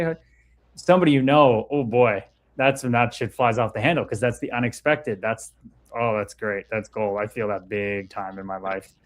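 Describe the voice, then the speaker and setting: A man's voice: on the low side, moderate pace. Casual, candid male livestream host. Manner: candid, swears freely, reads viewer comments aloud. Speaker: livestream host reading chat.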